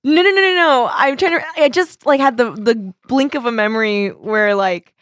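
A woman's voice: on the high side, moderate pace, fairly bright tone, dry recording. A woman co-hosting a podcast in casual chat, blunt and assertive, often laughing. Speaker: podcast co-host.

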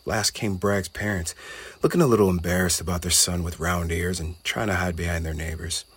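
A man narrating a children's storybook in a gentle, measured way. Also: sits low, fairly even intonation, breathy edge.

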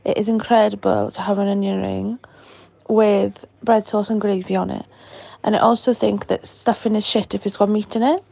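A blunt, opinionated woman leaving a voicemail, her voice very gravelly and flat in pitch. The recording sounds dull and lo-fi. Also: moderate pace, no room sound. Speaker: caller.

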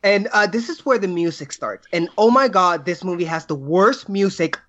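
A man's voice: high-pitched, normal speed, fairly bright tone, muffled recording. A man co-hosting a casual movie chat, earnest and critical with firm opinions. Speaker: podcast co-host.

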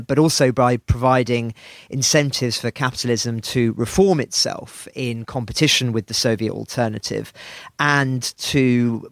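A man's voice: mid-range voice, dry recording, clean studio sound. A British man co-hosting a podcast, talking through history in an earnest, emphatic way with frequent restarts. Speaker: podcast co-host. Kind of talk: analytical podcast discussion.

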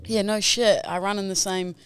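A woman's voice: mid-range voice, steady tone, normal speed, clear, resonant tone. A young woman co-hosting a podcast, playful and teasing, laughing often in casual banter. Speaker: podcast co-host.

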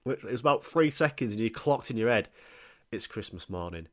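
This is a man hosting a comedy podcast, rattling through crude stories with plenty of swearing. He acts out the scenes as he goes, in a voice of ordinary middle pitch for a man. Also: quick pace. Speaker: podcast host. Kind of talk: comic storytelling monologue.

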